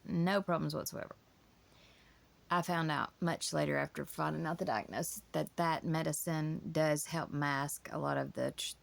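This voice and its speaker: A woman's voice: deep voice, vocal fry. A woman, telling her family story in a casual, emotional, rambling way. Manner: emotional, rambling with many restarts.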